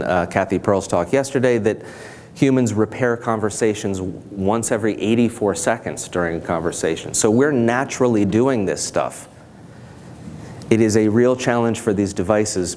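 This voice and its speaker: A man giving a conference talk in a thoughtful, measured way, now and then acting out bits of dialogue. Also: on the low side, darkish tone, a little hiss or hum. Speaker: conference speaker. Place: conference hall stage.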